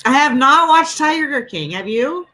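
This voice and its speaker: A woman hosts a loose, casual chat and tells stories with plenty of laughing asides. Her voice sits a little high. She talks over a video call. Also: lively intonation, a little slow, bright, forceful tone, rough recording. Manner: chatty, laughing storyteller. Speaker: host.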